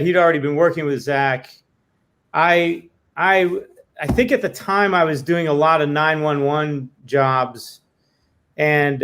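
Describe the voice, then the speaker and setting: A man who works as a visual effects supervisor, recounting how he got his jobs in a matter-of-fact, self-deprecating way over a video call. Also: a little high. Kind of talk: recounting career in an interview.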